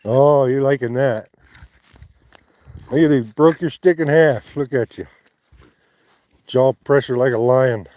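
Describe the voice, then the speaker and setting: A man talks slowly and easily, with an unhurried drawl. He coaxes and praises his dog playfully, outdoors by the water. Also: medium pitch, darkish tone, no room sound. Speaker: dog owner. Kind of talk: casual chat with his dog.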